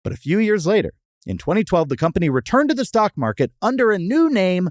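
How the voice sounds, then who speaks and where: A man's voice: high-pitched, sing-song, fast talker, no echo, studio quality. A man hosting a podcast, chatting casually and reading history notes between jokes. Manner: jokey, reads history notes between banter. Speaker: podcast host. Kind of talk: casual chat and read-out segments.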